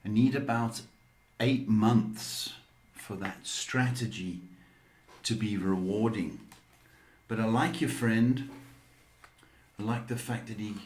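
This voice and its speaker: A man reads viewers' questions on a live stream, hesitant and full of ums. He talks slowly in a slightly low voice, and the room around him echoes. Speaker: psychic reader.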